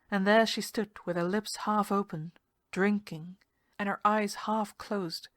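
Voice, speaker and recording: A woman narrating a ghost story in a measured, hushed storytelling manner. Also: mid-range voice, no room sound. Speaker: story reader.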